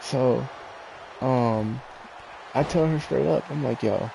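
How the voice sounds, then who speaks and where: A man's voice: mid-range voice, slow pace, gravelly, crowd noise, noisy background. A man chatting casually and telling a personal story while playing a video game, laid-back and laughing often. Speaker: streamer.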